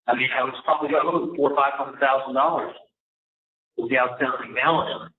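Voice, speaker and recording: A man's voice: mid-range voice, fairly even intonation, fairly quick. Aggrieved man on a tinny phone line. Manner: aggrieved, long-winded retelling of a dispute. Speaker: caller on a recorded jail phone call. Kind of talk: rambling phone conversation. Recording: tinny, echoey phone line with faint noise.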